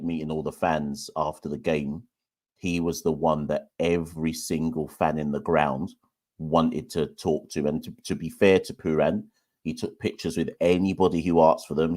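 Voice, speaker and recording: A man's voice: rumbling low, a little mellow. A young man hosting a live cricket watchalong, chatting casually to viewers in a loose, self-deprecating way. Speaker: podcast host.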